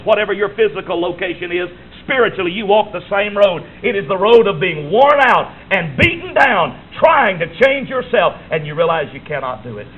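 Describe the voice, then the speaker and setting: A man preaching a fervent sermon in a church, moving between hushed passages and shouted ones. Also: sits high, highs cut off, a little hiss or hum. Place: church sanctuary.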